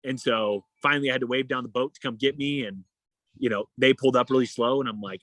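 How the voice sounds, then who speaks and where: A young man talks in a relaxed, casual way as a podcast guest, jumping into the voices of the people in his story as he goes. His voice sits at an ordinary pitch. The sound is dry and close to the mic. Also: fast, no room sound. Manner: animated, acts out quoted dialogue. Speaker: guest, endurance athlete.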